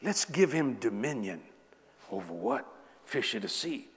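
A man in his seventies, speaking at a measured pace with medium pitch and big swings in intonation, preaches a sermon. He keeps it conversational with the congregation and tells joking stories, recorded with long hall reverb.

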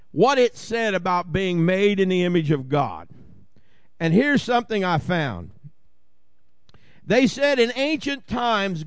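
Pastor, male, Southern Ohio accent, high-pitched and folksy, dry close-miked sermon delivery. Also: a bit bright, no echo. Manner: folksy, jokey asides and repeated "Amen?" to the congregation.

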